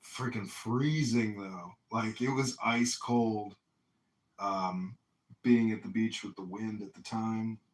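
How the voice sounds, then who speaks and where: A man running for mayor chats casually, telling stories excitably, with profanity and frequent laughter. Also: lowish voice, slow. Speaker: mayoral candidate. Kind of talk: casual storytelling chat. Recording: echoey room, distant mic.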